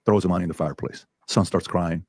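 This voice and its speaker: A man with a very deep voice tells a story at a brisk clip and acts out each character's lines in turn. The recording is close and dry. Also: steady tone, creaky, darkish tone, slightly rough, no echo. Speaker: speaker in a played clip. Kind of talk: storytelling to an audience.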